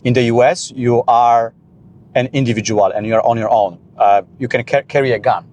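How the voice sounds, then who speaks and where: Man talking in a car, quick and animated. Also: medium pitch. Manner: animated, frequent restarts and "you know". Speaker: podcast guest. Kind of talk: casual conversation.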